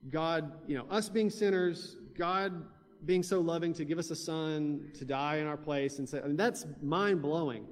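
A man's voice: a little high, normal speed. A man preaching a sermon in a conversational way, with fillers and restarts. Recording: long hall reverb.

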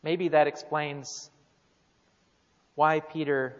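A man's voice: fairly high pitch, little pitch movement, very slow. A man preaching a sermon, emphatic and often repeating words as he stresses a point. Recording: dull, reverberant hall.

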